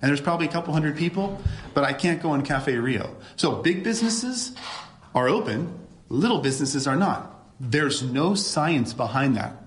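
A man's voice: on the high side, animated, moderate pace. Emphatic middle-aged man, echoey room. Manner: emphatic, rhetorical questions. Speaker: ER doctor.

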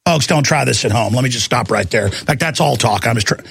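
Angry ranting male talk host, gravelly. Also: mid-range voice, fast, fairly bright tone, slight background noise. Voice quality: angry, intense, gravelly delivery. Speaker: talk show host taking calls. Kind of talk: heated ranting monologue.

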